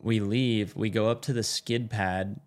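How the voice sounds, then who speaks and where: Young american guy, low voice, swears a lot and acts out the quotes, podcast story. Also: steady tone, unhurried. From United States. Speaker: podcast guest, motorcycle racer. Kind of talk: casual storytelling.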